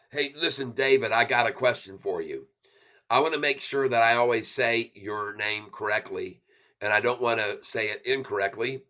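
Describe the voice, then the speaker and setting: A man hosting a casual stock market livestream, rambling and excitable, chuckling as he chats with viewers. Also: mid-range voice, moderate pace.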